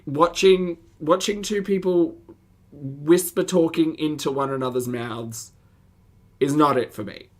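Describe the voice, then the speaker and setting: Sarcastic deep-voiced woman reacting. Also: unhurried. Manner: sarcastic, bursts into incredulous laughter. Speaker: commentary streamer reacting to videos. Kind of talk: casual reaction commentary.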